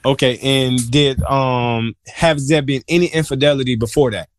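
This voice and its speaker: A man's voice: medium pitch, steady tone, normal speed, dry recording. Man, podcast host, earnest, colloquial, repeats for emphasis, dry sound. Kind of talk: casual podcast talk.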